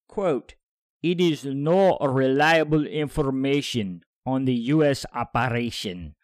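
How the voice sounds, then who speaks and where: A man's voice: lowish voice, a little mellow, no echo, clean studio sound. Chatty man rambling over the news. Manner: rambling, chatty, offhand asides. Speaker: commentator. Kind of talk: casual commentary on news read aloud.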